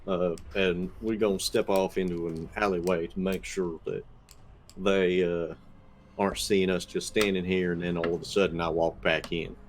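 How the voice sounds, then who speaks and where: A man playing a tabletop role-playing game. He speaks in a fairly low voice with a dry, deliberate manner. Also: flat delivery, a little hiss or hum. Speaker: player. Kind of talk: tabletop role-play chat.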